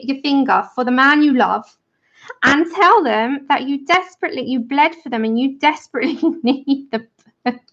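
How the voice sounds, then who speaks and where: A woman's voice: high voice, fairly bright tone, dull audio. A woman chatting and telling stories while colouring on a livestream, laughing often. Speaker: livestream host.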